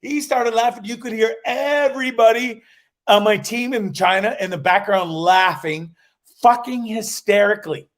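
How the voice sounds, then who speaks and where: A man with a high voice chats on his livestream from a cottage while he is traveling. He rambles and swears as he tells stories, and he often breaks off and restarts his sentences. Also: normal speed. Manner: profane, rambling storyteller with many restarts. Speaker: livestream host.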